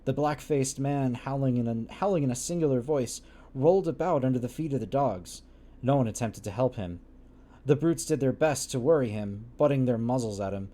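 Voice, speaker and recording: A man's voice: mid-range voice, normal speed, warm tone. Man reading an old novel aloud, wry. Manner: stumbles over old wording, laughs and adds wry asides. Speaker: livestream book reader.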